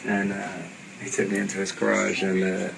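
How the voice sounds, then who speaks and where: Young English man, guest, rambling and laughing anecdotes, lowish voice, distant mic with noise. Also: monotone, vocal fry, a loud crowd. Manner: halting, laughing storyteller with many fillers. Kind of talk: casual chat.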